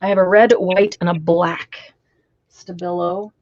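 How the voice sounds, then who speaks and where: A woman's voice: lowish voice, steady tone, unhurried, dry recording, muffled recording. A woman hosting a casual craft stream, chatting and half-singing while she works. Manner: chatty, hums and half-sings a nursery tune. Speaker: craft show host.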